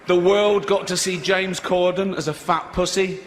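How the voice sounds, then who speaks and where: A man doing a stand-up routine, mocking and animated, with sweary asides. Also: high voice, moderate pace, few pauses. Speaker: stand-up comedian. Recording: stage mic in a reverberant venue, faint noise.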